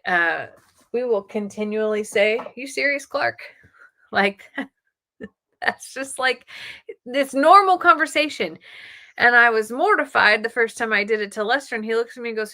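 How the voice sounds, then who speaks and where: A middle-aged woman hosting a casual live stream, chatting excitedly with her viewers. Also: medium pitch.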